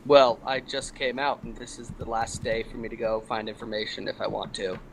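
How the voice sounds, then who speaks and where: Gravelly-voiced male tabletop player. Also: lowish voice, level tone, fairly quick, a little hiss or hum, rough recording. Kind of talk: in-character tabletop role-play.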